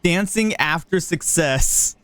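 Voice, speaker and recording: A man's voice: a little high, lively intonation, takes it slowly, a bit bright, smooth, no room sound. A man streaming a park-building game, casually thinking aloud and chatting with viewers in a playful way. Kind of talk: casual livestream chat while building.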